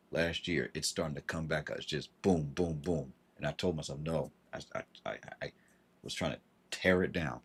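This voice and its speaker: A man telling a personal story on a livestream, halting and repeating himself, with frustration in his voice. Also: very deep voice, slightly rough. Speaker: vlogger.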